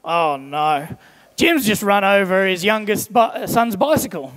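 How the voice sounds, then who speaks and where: Preaching in a big church hall where a long echo trails his speech, a young man tells everyday anecdotes and briefly mimics the characters' voices. His voice is high for a man, a bit bright, and his delivery is animated yet unhurried.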